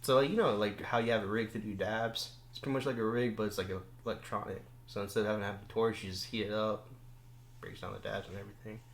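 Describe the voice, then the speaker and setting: A man's voice: on the low side, fairly even intonation, quick pace, fairly bright tone. A young man, a podcast guest, telling stories in laid-back casual chat, swearing freely. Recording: roomy echo.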